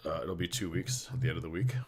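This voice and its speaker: A man's voice: low voice, flat delivery, fast, a crowd in the background. A man guesting on a casual stream, rambling chattily through profane anecdotes. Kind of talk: casual storytelling chat.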